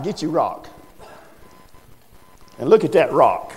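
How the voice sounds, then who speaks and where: Casting: male preacher, folksy sermon, fairly high voice, soft music behind. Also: big pitch swings, slow pace. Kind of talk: sermon with storytelling. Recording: echoey hall, faint music.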